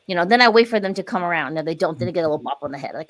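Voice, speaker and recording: A middle-aged woman, a podcast guest, telling personal stories in casual chat and acting out her own past words with lively emphasis. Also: on the low side, racing. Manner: animated storyteller, acts out her own voice in quotes. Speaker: guest, dance wellness coach.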